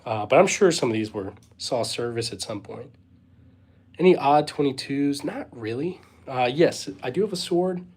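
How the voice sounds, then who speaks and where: A young man hosts a casual live Q&A stream, his voice at an ordinary middle pitch. He talks in a laid-back, unhurried way, trailing off with fillers and shrugging asides while he reads out questions from chat and thanks viewers. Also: a little mellow. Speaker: livestream host.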